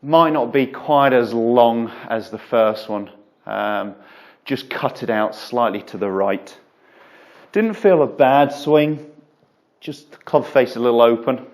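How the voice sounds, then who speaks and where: A man who is a golf coach, explaining and demonstrating a drill in a relaxed, chatty way with frequent fillers, in an indoor golf studio. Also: medium pitch, takes it slowly. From England. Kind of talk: instructional video lesson.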